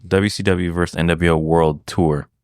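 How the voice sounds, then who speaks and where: Laid-back male co-host, very low-pitched, easygoing listener, dry close mic. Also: steady tone, normal speed, a little mellow, no echo. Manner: laid-back, brief agreeing replies. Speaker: podcast co-host. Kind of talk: casual chat.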